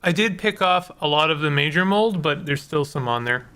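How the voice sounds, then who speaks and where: A man's voice: fairly high pitch, animated, moderate pace, sharp tone. A man giving casual, rambling commentary while playing a video game, joking at his own expense. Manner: rambling, self-mocking jokes, laughs often.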